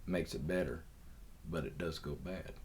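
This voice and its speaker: A man's voice: a bass voice, moderate pace, a little hiss or hum, pitched below the performer's own voice. A man who hosts a podcast, faking a Southern US accent as he rambles through a casual, self-mocking story. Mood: drawling. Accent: put-on Southern US. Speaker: podcast host.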